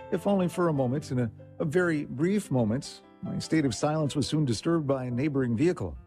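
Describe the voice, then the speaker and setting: A man reading a short story aloud in a scripted, expressive way. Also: fairly high pitch, fairly quick, few pauses. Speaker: story segment reader. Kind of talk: scripted narration. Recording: faint instrumental music behind.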